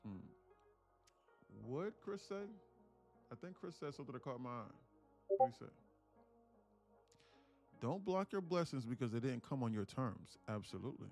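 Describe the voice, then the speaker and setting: Profane, storytelling trading-stream host. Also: male voice, medium pitch, expressive, normal speed, pauses often, darkish tone, soft background music. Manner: storytelling, swears freely. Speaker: day trading livestream host. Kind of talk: casual livestream talk.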